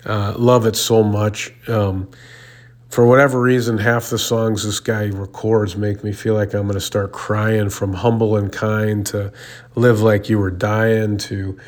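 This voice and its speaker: Male host, fairly low voice, casual self-mocking storyteller who rambles. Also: little pitch movement, a little slow. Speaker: radio host.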